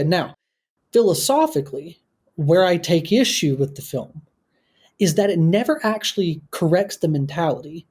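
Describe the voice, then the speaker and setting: A man with a mellow, somewhat husky voice speaks as a podcast guest, breaking down a film in a measured, analytical way. His phrasing is articulate and deliberate, building his argument point by point. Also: on the high side. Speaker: guest film critic and author.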